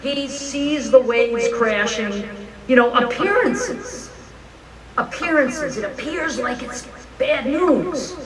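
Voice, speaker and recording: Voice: medium pitch, slow, far from the mic, a loud crowd, poor audio. A minister giving a frank, joking, conversational sermon at a live church service. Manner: animated storytelling, frank and joking.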